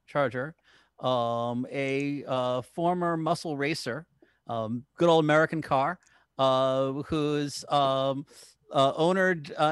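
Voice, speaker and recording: A man's voice: fairly high pitch, fairly bright tone, clean tone, dry recording, clean studio sound. A man introducing his character hesitantly, with many ums. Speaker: player. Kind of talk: casual chat.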